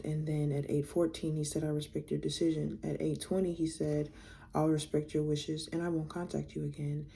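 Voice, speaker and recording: A woman's voice: deep voice, vocal fry, dark tone, a little hiss or hum. A young woman casually telling a storytime to her viewers, reading out text messages, candid and blunt, swearing freely.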